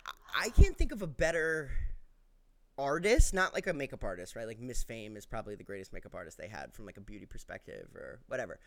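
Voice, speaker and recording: Animated speaker in casual chat. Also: mid-range voice, quick pace. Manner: animated, joking.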